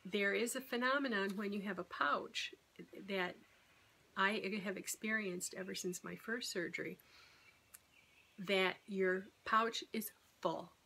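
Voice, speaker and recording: A woman's voice: mid-range voice, steady tone, slow pace, pauses often, pushed and bright. A middle-aged woman talking candidly and rambling in a casual vlog about her weight-loss surgery. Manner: rambling, candid, self-deprecating.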